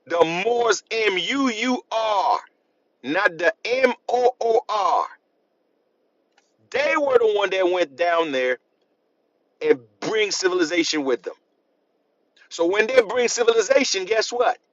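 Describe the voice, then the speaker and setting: Here a history channel host speaks to camera in a high-pitched, animated voice that is slow, a bit bright, and paused often. He hammers his points emphatically, repeating them and asking rhetorical questions. The recording has no room sound but is dull and lo-fi.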